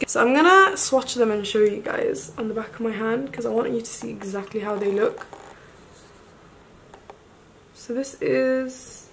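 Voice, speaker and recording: A young woman, chatting to camera through a makeup tutorial. She gushes excitedly, often gasping and breaking into breathy exclamations. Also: mid-range voice, slight background noise, low-quality recording. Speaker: beauty vlogger.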